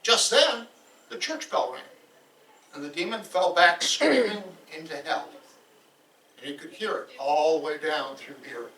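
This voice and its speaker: A man's voice: on the high side, a little slow. Man telling a saga in an echoey hall. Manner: lively, animated telling. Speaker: storyteller. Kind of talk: live oral storytelling of a saga. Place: event hall. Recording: roomy hall, voice from far off.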